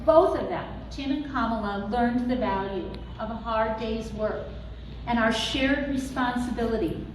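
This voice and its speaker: Slow, deliberate woman speaking at a rally. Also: on the high side. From southwestern Minnesota. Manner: measured, emphatic, folksy asides with light laughs. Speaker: political campaign speaker. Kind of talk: campaign rally speech. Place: restaurant event room. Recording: echoey, distant room recording with crowd noise.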